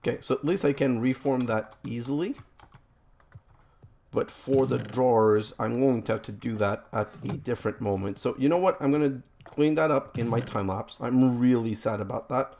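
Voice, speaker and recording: A man talks through his let's play session in a rambling, self-deprecating way, often exasperated by glitches and setbacks. His voice has a gravelly edge at a middling pitch. Faint keyboard clicks and typing can be heard behind him. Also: normal speed, darkish tone, slight background noise. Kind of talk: let's play game commentary.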